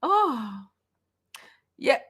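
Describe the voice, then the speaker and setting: A woman in her thirties hosting a casual livestream, animated and quick to laugh. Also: high voice, husky. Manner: slow, animated, laughs often. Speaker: livestream host.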